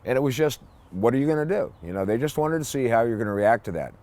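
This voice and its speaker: An older man, a former police officer, telling a casual anecdote in a blunt, salty way and acting out the gruff lines of others. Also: mid-range voice, animated, fast, a little mellow. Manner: blunt, salty storyteller who acts out gruff quoted lines.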